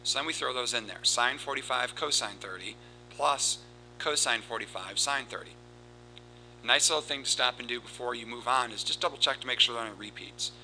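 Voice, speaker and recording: A man teaching a recorded math lesson, explaining steps in a steady, explanatory way and reciting formulas in a rhythmic cadence. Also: mid-range voice, a little fast, a little hiss or hum, poor audio. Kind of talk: recorded lesson with board work.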